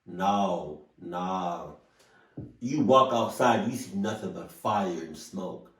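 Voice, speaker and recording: Recorded at a distance in an echoing room, a low-pitched man hosts a reaction video. He talks slowly but expressively, gets emotional, curses frequently, and erupts in abrupt loud bursts.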